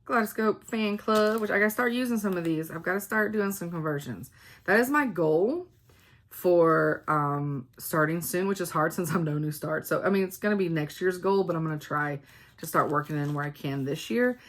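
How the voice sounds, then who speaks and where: A woman, telling a rambling, animated story in a casual craft vlog, with many ums and acted-out quotes. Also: fairly low pitch, normal speed. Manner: rambling, animated quoting of others, frequent ums. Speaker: cross-stitch vlogger.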